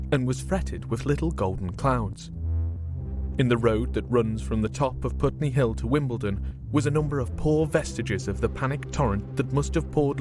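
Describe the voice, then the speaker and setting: Chatty guy reading aloud. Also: medium pitch. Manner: chatty, rambling asides with fillers. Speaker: podcast host reading a novel. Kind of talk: audiobook reading with comic commentary.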